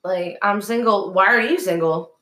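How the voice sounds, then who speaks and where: A woman's voice: mid-range voice, normal speed, fairly bright tone, roomy sound. A woman in casual chat, blunt and sassy, swearing freely.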